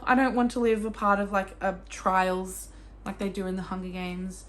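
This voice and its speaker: A young Australian woman talking casually about books as a vlogger, gushing and excitable, with sudden squeals and swearing. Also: mid-range voice, moderate pace. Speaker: book vlogger. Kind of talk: casual chat.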